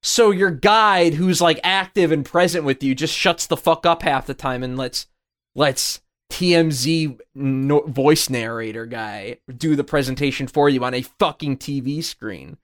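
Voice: medium pitch, unhurried. A podcast co-host in casual chat, complaining bluntly and sarcastically with plenty of swearing.

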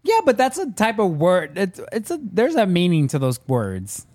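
A man co-hosting a podcast in casual chat, easygoing, agreeable and quick to laugh. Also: high voice, huge pitch swings, a little mellow. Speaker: podcast co-host.

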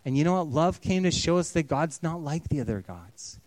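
A man's voice: a little high, sing-song, moderate pace, dry recording. Earnest male pastor preaching. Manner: earnest, storytelling, often softening to a hush. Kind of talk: sermon.

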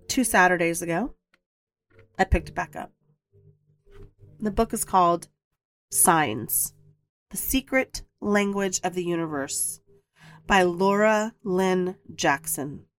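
A woman's voice: lowish voice, slow pace, long pauses, fairly bright tone. A woman hosting a podcast, telling a personal story in a candid, emphatic way, repeating her points and sometimes swearing. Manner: blunt, occasionally swears. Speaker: podcast host.

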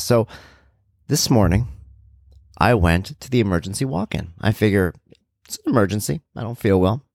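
A man's voice: low-pitched, no echo, studio quality. A middle-aged man hosting a podcast, telling a rambling, self-deprecating story in a casual monologue. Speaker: podcast host.

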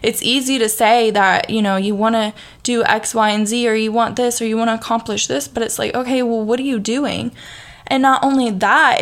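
Southern woman host, young, casual motivational chat, lots of "you know", restarts. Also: a little high. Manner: chatty, frequent fillers and restarts, laughs easily. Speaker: podcast host.

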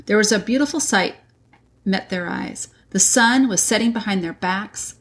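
A woman reading a classic children's novel aloud in a measured, deliberate way. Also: medium pitch, a bit bright. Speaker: reader. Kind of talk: audiobook narration.

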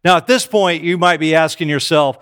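A man's voice: on the high side, fairly quick, a bit bright, smooth. A middle-aged man preaching a sermon, telling self-deprecating stories to his congregation. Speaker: pastor.

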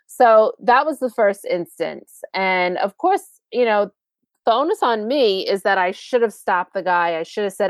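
Woman, podcast host, conversational storytelling, medium pitch, dry close mic. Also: animated, normal speed, no echo. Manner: chatty, conversational, asides to the listener.

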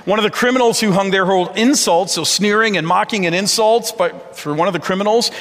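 A man's voice: high-pitched, fast talker, few pauses, fairly bright tone. A man preaching a sermon as a pastor, earnest and conversational, often restarting his words. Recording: long reverb of a large hall.

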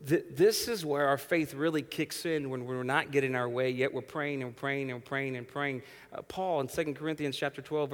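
A male pastor in his thirties delivers an animated sermon with a medium-pitched voice. He drops to a hush and then rises to near shouts, acting out voices along the way. His words ring with a long reverb from the church sanctuary. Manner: animated preaching, swings from hushed to loud, acts out voices.

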